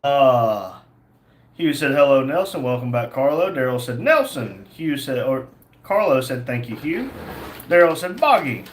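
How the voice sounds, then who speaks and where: A man's voice: medium pitch, big pitch swings, measured pace. A man co-hosting a casual livestream, worn out and a bit out of breath, reading viewer comments with a joking drawl. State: tired, out of breath. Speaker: livestream co-host. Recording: echoey room with faint background noise.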